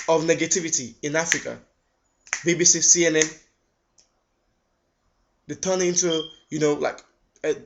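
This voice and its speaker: A man's voice: on the high side, sharp tone, slight background noise. A man giving an indignant video response, firing off rhetorical questions and stumbling over repeated words. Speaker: vlogger. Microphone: webcam. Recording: dull lo-fi webcam audio.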